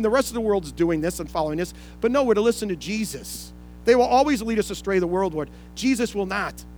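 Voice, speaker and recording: A man pastor preaching a sermon in an earnest way, reading scripture aloud and explaining it. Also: sits high.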